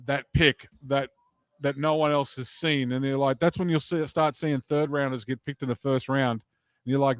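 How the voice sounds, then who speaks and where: A man's voice: medium pitch, steady tone, moderate pace, clean tone, no room sound, studio quality. A man, a comedian guest chatting and telling wry, laid-back anecdotes. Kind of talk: casual chat, storytelling.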